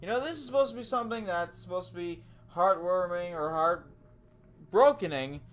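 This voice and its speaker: High-voiced, jokey gaming commentator. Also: male voice, normal speed. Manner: jokey, goofy asides, reads game dialogue aloud. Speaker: let's play gamer.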